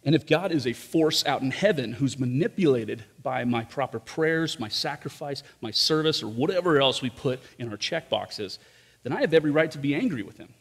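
A man's voice: medium pitch, vocal fry, slightly rough. A man preaching a sermon as pastor, talking conversationally with rhetorical questions and frequent asides to the congregation. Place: church service in a large room. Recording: long reverb of a large hall.

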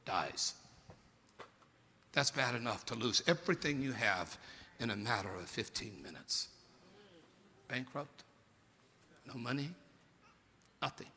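A man preaching a sermon, retelling a story theatrically, swinging between shouted peaks and hushed lows. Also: expressive, slow, pauses often, a little hiss or hum. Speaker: pastor. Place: large church sanctuary. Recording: long hall reverb from a church service.

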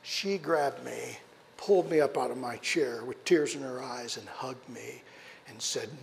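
A man preaching a sermon, telling a personal story in an animated way, moving between loud and hushed delivery. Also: medium pitch, moderate pace, vocal fry, big-room sound, a little hiss or hum. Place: church sanctuary.

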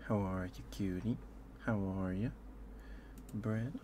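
A man chatting casually on an ASMR livestream, a little out of breath from a full stomach, halting and repeating himself as he fondly greets his viewers. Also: lowish voice, fairly even intonation, noisy background. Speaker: ASMR streamer.

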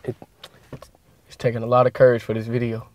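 A man's voice: medium pitch, completely flat delivery, a little fast, noisy background. A man talking casually to camera in a prank vlog, joking and cursing at himself. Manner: joking, self-mocking, profane. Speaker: prank video creator.

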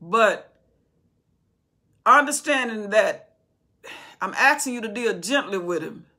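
A woman preacher teaches scripture with fervent, conversational energy, circling back and repeating words as she builds her point. Her voice is bright and forceful, with a husky grain. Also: medium pitch, animated, slow pace. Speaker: Bible teacher. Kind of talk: impassioned Bible study sermon.

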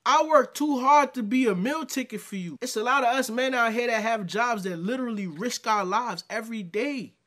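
A man's voice: very high voice, moderate pace, few pauses, fairly bright tone. A man giving casual reaction commentary, exasperated and slangy, talking back at the video he is watching.

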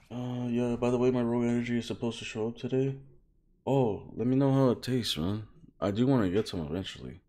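A man's voice: medium pitch, fairly quick, dark tone. A young man live-streaming a video game, chatting with viewers between bursts of swearing at the game. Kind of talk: casual live gameplay streaming.

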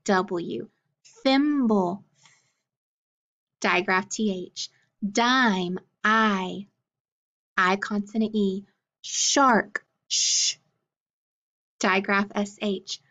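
A woman's voice: mid-range voice, a bit bright, highs cut off. A woman teacher leading young children through a phonics lesson, sounding out letters and praising each answer. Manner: slow, clear, encouraging teacher voice, sounding out letters.

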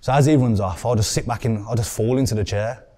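Young man, Birmingham accent, rapid talk, dark warm tone, podcast guest storytelling. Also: medium pitch. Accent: Birmingham English. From England. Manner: animated, swears often, acts out quotes.

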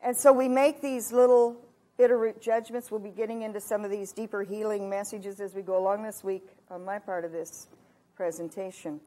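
A woman in her sixties from Kansas giving a heartfelt testimony sermon at a retreat, moving between hushed and emphatic delivery. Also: medium pitch, flat delivery, brisk. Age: 60s. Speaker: retreat speaker.

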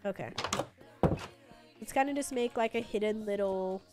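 A woman's voice: medium pitch, normal speed, over loud music. A young woman streaming a game live, chatting casually and giggling often, with lots of fillers. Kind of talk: casual live-stream chat while gaming.

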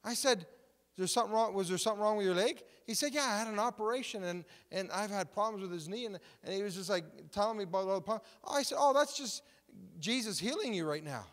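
Male preacher, fairly high voice, lively testimony storytelling, long hall reverb. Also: quick pace. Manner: animated, retells conversations with rising excitement. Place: church.

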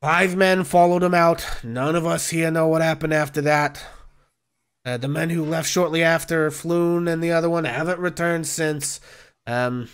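A man voicing a gruff, weary woman bartender in a rough tavern, with a northeastern United States accent. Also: fairly high pitch, natural voice. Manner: blunt, weary, sighing.

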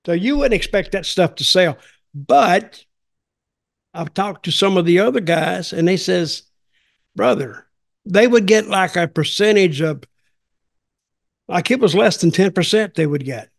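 Give me an older man with a gravelly voice, chatting in a folksy, rambling way. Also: a little high. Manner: rambling, folksy, repeats himself. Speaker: podcast host. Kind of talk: casual storytelling chat.

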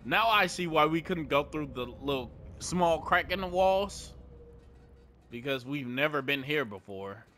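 Brief: young male gaming streamer, laid-back and chatty, bright voice, faint background hiss. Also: on the high side, animated, a little slow. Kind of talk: casual gameplay commentary.

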